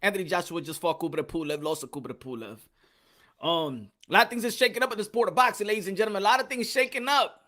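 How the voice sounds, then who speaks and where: Animated boxing stream host, bright voice. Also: male voice, sits high, fast. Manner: animated, repetitive, shouting out chat names. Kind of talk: live-stream commentary chatting with viewers.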